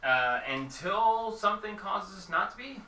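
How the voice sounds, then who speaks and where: A man running a tabletop game as game master, animated and often laughing as he narrates the monsters. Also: high voice, normal speed, slight background noise.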